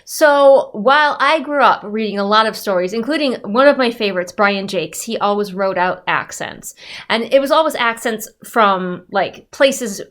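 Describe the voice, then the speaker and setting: A woman talks straight to her viewers in a loose, conversational vlog. She sounds candid and pokes fun at herself, at a middle pitch typical for a woman. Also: animated, moderate pace, fairly bright tone. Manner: candid, self-deprecating, conversational. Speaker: writer and developmental editor. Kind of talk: casual chatty vlog.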